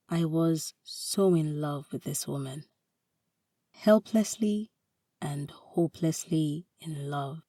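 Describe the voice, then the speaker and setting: A woman narrating a romantic short story in a calm, measured way. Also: deep voice, dry recording, studio quality, recorded from a distance.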